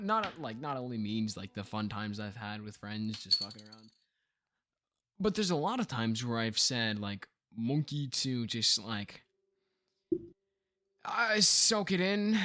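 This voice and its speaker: Lively young man rambling and giggling. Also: mid-range voice, unhurried. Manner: giggly, rambling, lots of fillers. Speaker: podcast co-host. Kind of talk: casual chat.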